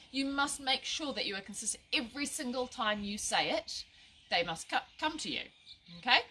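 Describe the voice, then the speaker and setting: On a live video, a woman runs a casual, chatty dog-training lesson, often restarting and laughing at her own slips. Her voice sits a little high, with a bright, forceful tone and slight background noise. She's recorded by a phone or camera a short distance away.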